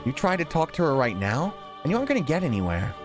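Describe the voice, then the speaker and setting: A man's voice: a little high, wildly swooping pitch, quick pace, over music. A man voicing a scheming young woman who drops her sweet act, reading visual novel lines in a cold, sneering manner. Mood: commanding. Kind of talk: visual novel dialogue read aloud.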